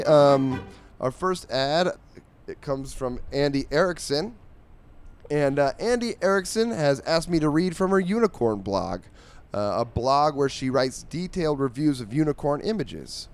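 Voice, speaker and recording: A man's voice: on the high side, animated, measured pace. A man hosting a comedy podcast in a casual, rambling way, full of fillers and mock-earnest appeals. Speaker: podcast host.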